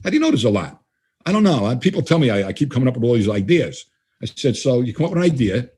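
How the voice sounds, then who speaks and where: A man's voice: mid-range voice, racing, husky. A man answering interview questions, telling stories and acting out both sides of conversations. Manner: animated, acts out both sides of dialogues. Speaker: guest trainer.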